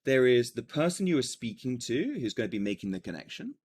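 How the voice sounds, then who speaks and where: A man teaching a coaching lesson in an energetic, animated way, with joking asides. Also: mid-range voice, fairly quick, slightly rough. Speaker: business coach.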